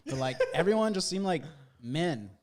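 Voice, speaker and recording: A man's voice: fairly high pitch, sing-song, normal speed, a little hiss or hum. A man from California, co-hosting a podcast, telling stories in casual chat, laughing through them and acting out quotes. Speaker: podcast co-host.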